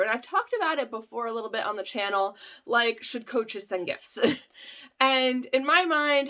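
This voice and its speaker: Chatty, bright-voiced woman vlogger. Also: a little high. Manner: chatty and candid, laughs often, many fillers. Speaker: small business owner vlogging a sales sprint. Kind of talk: casual vlog talk.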